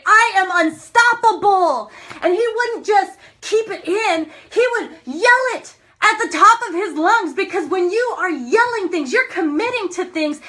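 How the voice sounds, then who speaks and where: A young woman from Montana giving an energetic motivational talk on a live stream, laughing often and calling out to her viewers. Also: extremely high pitch. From Montana, USA. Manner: enthusiastic, laughs often, talks to viewers as guys.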